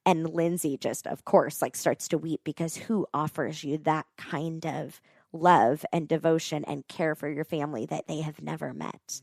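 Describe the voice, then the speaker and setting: A woman telling a heartfelt story as a podcast guest, earnest and animated, with many casual fillers. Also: low voice, moderate pace, creaky, no echo, clean studio sound. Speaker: podcast guest, nonprofit co-founder.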